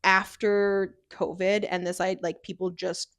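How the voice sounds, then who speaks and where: A woman co-hosting a casual comedy podcast, speaking in halting, filler-filled phrases with dry jokes. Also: medium pitch, level tone, a bit bright, no room sound. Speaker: podcast co-host. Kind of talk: casual chat.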